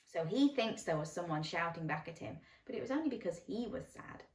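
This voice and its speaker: A woman reading a bedtime story to children, animated and coaxing, asking them questions. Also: fairly low pitch, fairly quick. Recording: roomy echo, mic at a distance.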